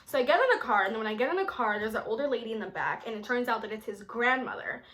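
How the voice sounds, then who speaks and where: Animated New woman telling a story. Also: on the high side, rapid-fire, rough recording. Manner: animated, swearing, heavy filler "like". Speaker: vlogger. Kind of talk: storytime vlog.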